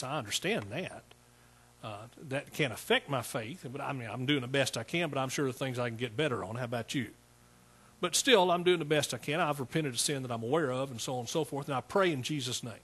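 A man's voice: medium pitch, fairly bright tone, husky. A pastor preaching a sermon to a small congregation in a conversational way, repeating words and asking his listeners questions.

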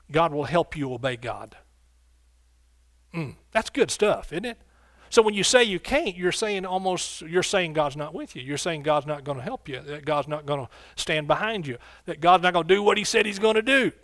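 A man's voice: a little high, animated, moderate pace, fairly bright tone, no echo. Male pastor, fervent call-and-response sermon, dry close sound. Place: church sanctuary.

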